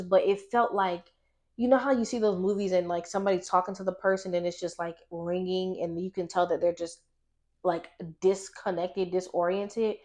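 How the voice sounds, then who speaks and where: A woman in her twenties giving a candid, emotional personal testimony, halting at times and restarting her sentences. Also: medium pitch. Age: 20s. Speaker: vlogger.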